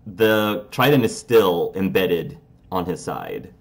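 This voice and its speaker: A man narrating as game master of a tabletop role-playing game, relaxed and halting, with many fillers. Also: deep voice, creaky.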